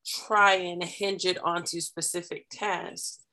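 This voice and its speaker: Woman guest on a call, lowish voice, calm and deliberate, explaining things step by step. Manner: measured, deliberate, building points step by step. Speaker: podcast guest, parenting and self-care speaker. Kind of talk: explanatory conversational advice.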